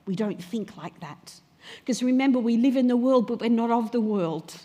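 A woman preaching a sermon, talking conversationally and then crying out loudly when she quotes prayers. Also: fairly high pitch, moderate pace. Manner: conversational preaching, rising to loud cries when quoting prayers. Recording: long hall reverb.

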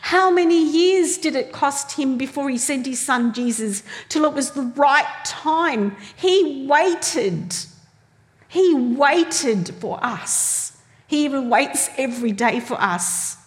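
Woman preacher, unhurried animated sermon, echoing hall sound. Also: on the high side. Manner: animated storytelling, acting out quoted voices. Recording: long hall reverb.

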